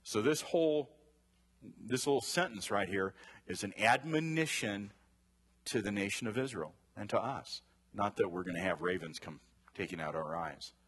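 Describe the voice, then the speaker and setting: Low husky-voiced man teaching Bible class. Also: animated, normal speed, fairly bright tone. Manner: chatty, asks the class questions, wanders into side stories. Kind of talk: conversational Bible lesson to a group.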